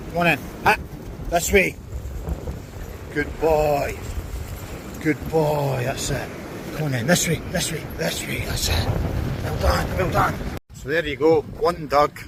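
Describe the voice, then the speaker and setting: Scottish male vlogger, blunt and sweary, raised pitch, music bed underneath. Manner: blunt, heavy swearing, chatty. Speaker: dog owner and trainer vlogger. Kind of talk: casual vlog chat.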